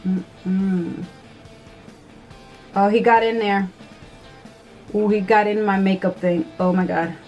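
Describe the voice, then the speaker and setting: A woman vlogger chatting casually through a makeup tutorial, nervous and excitable, gasping and squealing often. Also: mid-range voice, takes it slowly, long pauses, dull audio, faint music behind. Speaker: beauty vlogger.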